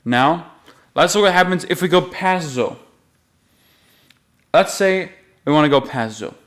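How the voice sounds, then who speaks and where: A man giving a patient, step-by-step music lesson, explaining the rules and then slowly singing the note names. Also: fairly high pitch, expressive, a bit bright. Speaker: music teacher.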